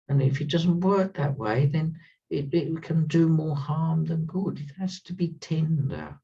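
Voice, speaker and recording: A man gives an earnest spiritual talk, leaning on repeated words for emphasis. His voice is husky and mellow. He sits a little back from the mic, and the sound is dull and lo-fi. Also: on the high side, lively intonation, unhurried. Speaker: spiritual teacher. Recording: slightly distant, dull lo-fi sound.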